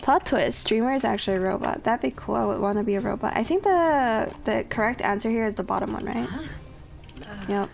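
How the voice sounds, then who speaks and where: A woman's voice: fairly high pitch, brisk, creaky. A woman streamer chatting casually with her viewers while she plays, swearing freely. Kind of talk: casual gameplay commentary.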